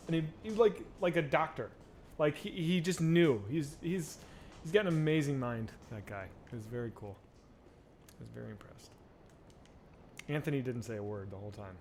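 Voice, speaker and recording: Guy streaming a game and rambling to chat, swears a lot, kinda high voice. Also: a little fast. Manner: rambling and profane, with frequent restarts. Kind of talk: casual chat while gaming.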